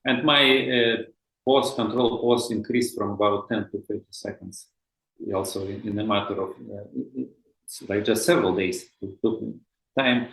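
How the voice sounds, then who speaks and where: A man's voice: lowish voice, steady tone, moderate pace, vocal fry, a bit bright. Russian accent guy, podcast guest, lots of uh and restarts, echoey room. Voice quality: hesitant, many fillers and restarts. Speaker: guest expert. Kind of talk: podcast interview.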